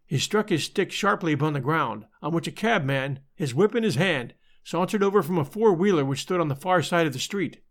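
A man reading a story aloud as a measured, dramatic narrator. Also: a little high, animated. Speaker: audiobook narrator. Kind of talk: scripted narration.

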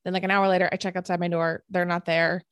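A young woman co-hosting a podcast, telling a story in a casual, animated way, full of fillers and acted-out quotes. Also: on the low side, fast talker, clean tone, no echo. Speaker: podcast co-host.

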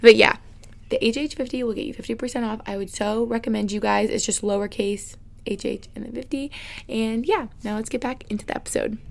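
A woman's voice: a little high, steady tone, fairly quick, creaky. A young woman from upstate New York hosting her own podcast, chatting casually and rambling with lots of fillers into a computer microphone. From Albany, New York, USA. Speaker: podcast host. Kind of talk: casual solo podcast chat. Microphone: USB-adapter podcast microphone at a computer.

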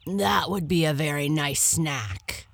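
Casting note: hungry bossy lion, growly and loud, unhurried, played by a woman narrator. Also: low-pitched, lively intonation, creaky, dry recording, exaggerated voice. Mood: menacing.

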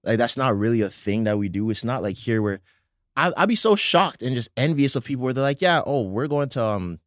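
A man from Toronto with a Toronto accent, chatting casually on a podcast, animated and quick to laugh. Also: mid-range voice, no room sound, clean studio sound. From Toronto, Canada. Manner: animated storyteller, laughs easily. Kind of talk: casual chat.

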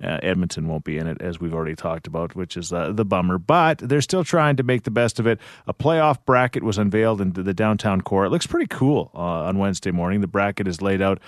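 A man hosting a morning radio show, running through news and chatting in an easygoing way with frequent filler pauses. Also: sits low, dry recording, clean studio sound. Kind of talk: casual radio banter and news rundown.

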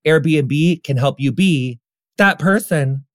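A man reads an ad casually and playfully. His voice is a little higher than most men's. The recording is dry and close, with no room sound. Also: slow, no room sound. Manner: playful, says "darling" and "honey". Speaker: host reading an ad. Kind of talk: casual ad read.

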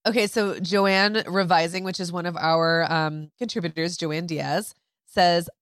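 A woman's voice: fairly low pitch, measured pace, no echo, studio quality. A woman co-hosting a parenting podcast in casual chat, reading out listener quotes and talking them through. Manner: reads listener quotes aloud, relaxed and conversational. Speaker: podcast co-host.

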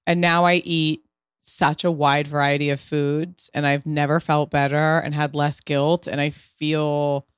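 Low-voiced chatty woman host. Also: little pitch movement, measured pace, clean tone, no room sound, clean studio sound. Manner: enthusiastic, chatty storyteller. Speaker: podcast host. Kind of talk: casual chat and read ad.

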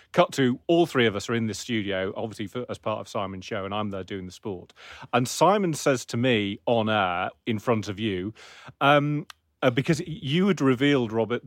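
A man's voice: mid-range voice, dry recording. Podcast host, man; mid-range voice, rambling storyteller, easy laugh, dry close mic. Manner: anecdotal, laughing easily, rambling restarts. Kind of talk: casual interview chat.

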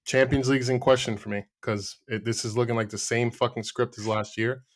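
A man's voice: mid-range voice, flat delivery, brisk. A man talks bluntly on a football podcast, arguing his point with sarcasm. He swears freely and sounds fed up with his team's performance. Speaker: podcast co-host, Arsenal fan. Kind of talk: heated casual football debate.

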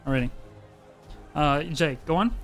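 A man narrating as game master of a tabletop game, describing scenes with many halting restarts. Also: on the high side, faint music behind.

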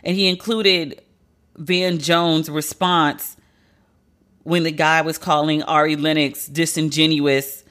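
A woman hosting a podcast, talking casually and bluntly with profanity, her pitch leaping up for emphasis. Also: fairly even intonation, slow, fairly bright tone. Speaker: podcast host.

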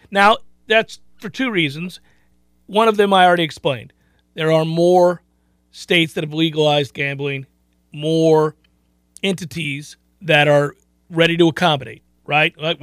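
A man hosting a sports betting radio talk show, emphatic and quick with asides. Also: high voice, fairly bright tone, smooth, no room sound, studio quality.

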